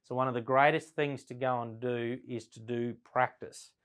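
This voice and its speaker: A man leads a business lesson in a relaxed, conversational way. He keeps checking in with his listeners with "right?" and shifts his speed and loudness to show how tone changes meaning. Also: mid-range voice, clean tone. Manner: conversational, frequent "right?" tag questions; slows down and varies volume to demonstrate tone. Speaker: business sales trainer. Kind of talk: classroom lecture at a flip chart.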